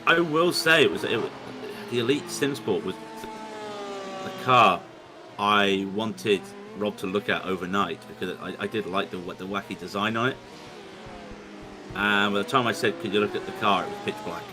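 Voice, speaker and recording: A man's voice: fairly low pitch, moderate pace, music in the background. A man commentating a sim race stream, chatting loosely, repeating himself and apologizing as he goes, speaking into a home computer microphone over a shaky internet connection. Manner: rambling, self-interrupting, apologetic. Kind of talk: live race commentary and chat. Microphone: home computer mic over unstable internet. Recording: noisy stream with connection dropouts.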